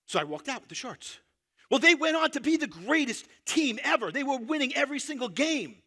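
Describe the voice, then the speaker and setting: Middle-aged new york guy on stage, high voice, bright and punchy, swings loud to hushed while he tells his stories to the crowd. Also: quick pace. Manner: animated, big swings between loud punchlines and hushed asides; quotes people in his own voice, addresses the crowd directly. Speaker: motivational speaker. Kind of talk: live keynote storytelling to an audience. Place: stage before a live audience.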